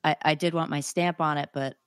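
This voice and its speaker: A woman's voice: low-pitched, fairly even intonation, fairly quick, clean tone, no room sound, clean studio sound. A young woman, a singer-songwriter guest, chatting casually and enthusiastically with lots of fillers. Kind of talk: casual interview chat.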